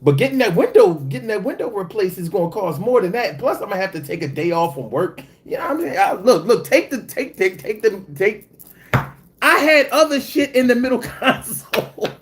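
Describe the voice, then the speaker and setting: A man hosting a casual livestream, reading chat and telling joking, profane stories. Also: brisk. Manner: animated, swings high when telling stories.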